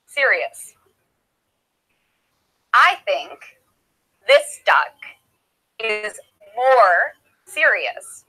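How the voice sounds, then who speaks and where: A woman explaining English grammar as a teacher, patient and clear, repeating simple examples with props. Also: medium pitch, very animated, takes it slowly, pauses often, sharp tone, poor audio. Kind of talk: slow, clear classroom explanation.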